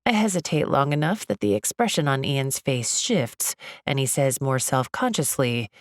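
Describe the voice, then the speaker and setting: A woman narrating a romance audiobook in the first person, with an expressive, chatty delivery. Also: very deep voice, moderate pace, no echo, studio quality. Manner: expressive, chatty, lively inner monologue.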